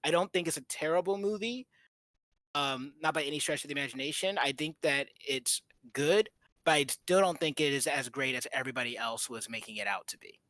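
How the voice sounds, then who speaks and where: A young man co-hosts a casual film chat, thinking aloud and circling his points with fillers. His voice is bright and forward, recorded close and dry. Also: fairly high pitch, a little fast, no room sound. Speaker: podcast co-host.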